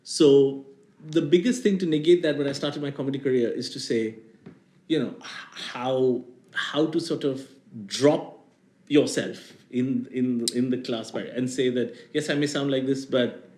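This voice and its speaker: A man's voice: mid-range voice, measured pace, dark tone. Posh indian english guy rambling about comedy, lots of you-knows, bit echoey room. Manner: rambling, self-mocking, lots of fillers. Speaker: comedian guest. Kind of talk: casual interview chat.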